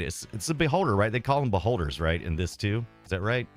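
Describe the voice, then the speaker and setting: A deep-voiced man chats loosely with his live-stream viewers, rambling and poking fun at himself as he plays. Faint music runs quietly underneath. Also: big pitch swings, fast talker, hardly any pauses. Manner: rambling, self-deprecating, talks to chat while playing. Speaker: streamer playing retro games.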